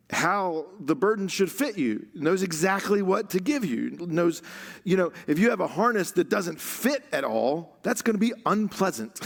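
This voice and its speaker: Casual sermon, male pastor, slightly high voice with some gravel, chuckles as he teaches. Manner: conversational, laughs often, stretches words for emphasis. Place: church stage.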